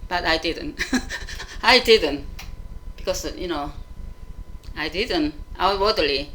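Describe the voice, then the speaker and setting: A woman talking in a casual spoken monologue, halting with many fillers and restarts, frank and emotional as she recounts things. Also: on the low side, fairly bright tone, slight background noise, poor audio. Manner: frank and emotional when retelling. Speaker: vlogger.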